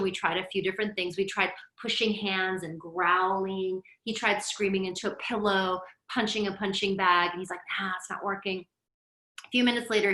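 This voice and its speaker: A middle-aged woman, a yoga teacher and therapist from Lebanon, giving a reflective teaching talk with personal stories in a conversational, gently guiding way. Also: medium pitch, roomy sound, rough recording.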